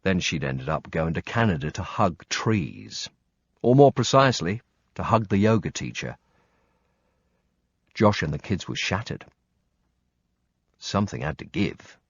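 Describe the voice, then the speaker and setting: Deep-voiced man narrating an audiobook. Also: sing-song, unhurried, vocal fry, long pauses, slightly rough, no echo. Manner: dry, wry storytelling with blunt swearing. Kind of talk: first-person audiobook narration. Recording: dry, slightly muffled audio.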